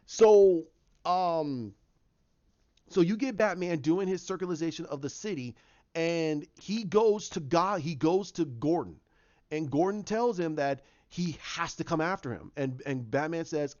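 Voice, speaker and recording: A man's voice: on the high side, expressive, moderate pace, darkish tone. A man casually retelling his idea for a film story, rambling and restarting often as he quotes the characters' lines. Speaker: fan pitching a film reboot. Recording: dull lo-fi recording.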